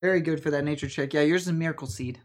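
A woman's voice: deep voice, steady tone, rapid-fire. A woman running a tabletop role-play game as game master, narrating casually with many fillers.

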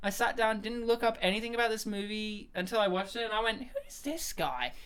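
An Australian woman hosting a casual movie podcast, teasing her co-hosts with quick jokes and asides. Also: fairly high pitch, steady tone, a bit bright, clear, resonant tone. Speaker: podcast host.

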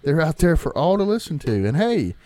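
Animated, playful male podcast co-host. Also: brisk, dry recording. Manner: playful, teasing, animated pitch swings. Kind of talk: casual podcast banter.

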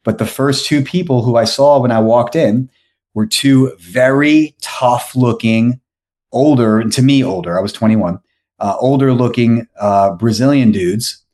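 A New York man, a podcast guest, tells a story casually, rambling with plenty of fillers and restarts. His voice is medium in pitch, a little mellow and a little slow.

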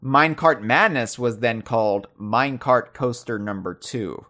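A man co-hosting a podcast in casual chat, animated and thinking aloud, often restarting and repeating words. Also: unhurried. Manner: animated, puts on a loud booming trivia voice. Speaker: podcast co-host.

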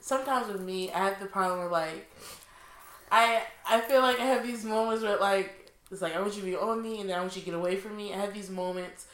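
A woman's voice: medium pitch, fast talker, a bit bright. A woman talking casually and reflectively, rambling as she searches for her words. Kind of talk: casual chat. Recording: echoey room.

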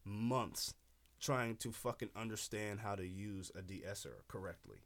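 A man from southeastern Michigan, a guest rapper in casual studio chat, with a light lisp, talking in an animated, profane way that swings loud when he gets excited. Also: on the low side, measured pace.

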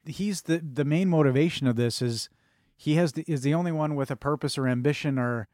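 A man's voice: on the high side, a little mellow, dry recording, clean studio sound. Rambling man chatting about films. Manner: rambling, halting restarts. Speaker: podcast co-host. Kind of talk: casual film discussion.

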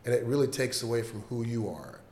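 A man's voice: mid-range voice, expressive, brisk, a little mellow, echoey room, a little hiss or hum. A stand-up comedian chatting casually and emphatically about his craft. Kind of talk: casual chat.

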